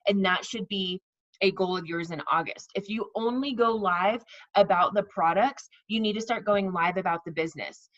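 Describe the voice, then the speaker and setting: A woman's voice: mid-range voice, normal speed, fairly bright tone, lo-fi sound. A woman coaching her sales team in a casual, chatty way, repeating herself and acting out sample messages. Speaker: network marketing team leader.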